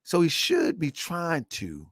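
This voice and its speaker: A middle-aged man hosts a show with animated, casual, rambling commentary that keeps circling back and repeating itself, broken by bursts of laughter. His voice is on the high side and slow, captured in a dry, studio-quality recording.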